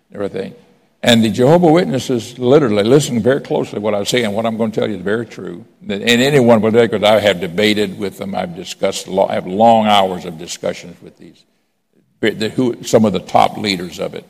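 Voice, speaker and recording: A pastor with a fairly low, husky voice and some vocal fry talks fairly quickly, his words trailing into a long reverb. He preaches from the pulpit in a conversational style, telling stories, putting questions to the congregation and asking for raised hands.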